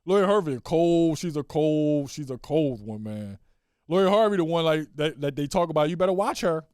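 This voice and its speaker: A man hosting a solo podcast in a casual, profane rant, swinging from loud exclaiming to low muttering and repeating catchphrases. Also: lively intonation, moderate pace, smooth, dry recording, studio quality. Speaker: podcast host.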